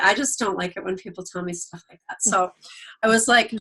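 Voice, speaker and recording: A woman's voice: mid-range voice, brisk, husky. A middle-aged woman giving a casual testimonial on a video call, telling stories and acting out what people said. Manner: animated storyteller, acts out quotes. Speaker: product distributor.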